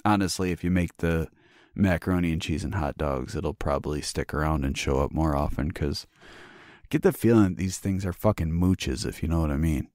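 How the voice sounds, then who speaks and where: Podcast host, man, very low voice, swears freely, dry close sound. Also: brisk, a little mellow, no room sound. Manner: profane, joking. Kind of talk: casual chat.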